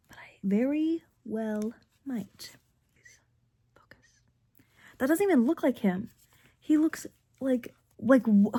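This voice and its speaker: Here a young woman's mid-range, dark-toned voice carries a casual unboxing vlog, with slight background noise behind it. She covers books and K-pop, and as she opens albums she gushes, gasps, and alternates between squealing and whispering.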